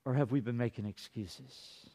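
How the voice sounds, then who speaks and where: A male pastor preaching a sermon, dropping to hushed tones and rising to loud, dramatic peaks. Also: moderate pace. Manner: dynamic, swinging from hushed to booming.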